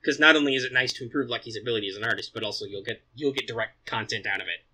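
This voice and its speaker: A man's voice: medium pitch, rapid-fire, sharp tone, breathy edge, rough recording. A man co-hosting a casual podcast, explaining channel plans at length in an upbeat way. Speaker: podcast co-host. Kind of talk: casual chat.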